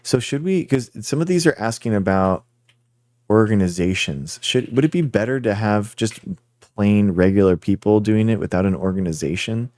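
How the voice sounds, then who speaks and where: A man hosts a livestream with a low, mellow voice, chatting loosely and rambling as he answers his viewers directly. The sound is dry and close, with no room echo. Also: animated, moderate pace. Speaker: livestream host. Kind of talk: casual livestream chat with viewers.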